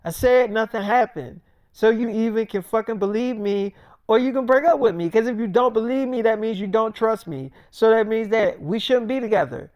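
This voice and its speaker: A woman's voice: on the high side, moderate pace, no room sound, lo-fi sound, lightly acted. A man voicing a blunt, suspicious young girlfriend. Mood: defiant. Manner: blunt, cursing, confrontational. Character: suspicious young woman girlfriend, quick to defy.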